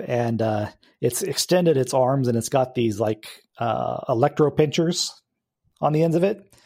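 A man runs a tabletop game in a relaxed, rambling way, full of small hesitations. His voice is mellow and warm at a middle pitch. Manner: relaxed, hesitant narration with many fillers. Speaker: game master.

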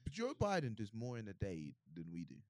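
A young man, chatting casually on a podcast, animated and quick to argue. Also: fairly low pitch, dry recording. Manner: animated, argumentative, laughs easily. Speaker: podcast co-host. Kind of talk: casual chat.

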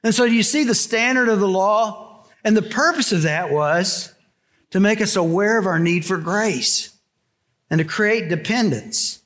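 Man, pastor, sermon, conversational, wry, a bit high-pitched. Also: lively intonation, measured pace, fairly bright tone.

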